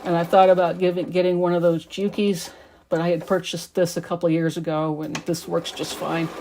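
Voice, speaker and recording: Chatting loosely as she quilts, a middle-aged woman talks from her sewing room in a lowish, warm voice. Her delivery is flat and a little fast. A faint sewing machine hum and slight hiss sit in the background.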